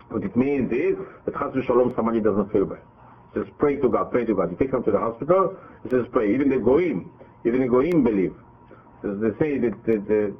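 A man giving a religious lesson, halting and repeating words as he acts out dialogue. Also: mid-range voice. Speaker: rabbi teaching a class. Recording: husky voice over a phone-like line.

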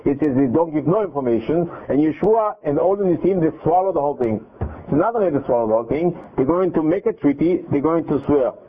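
Husky and fairly high, this man's voice moves quickly as he relates a Torah story by phone with animation, quoting characters and restarting lines. The call audio sounds tinny.

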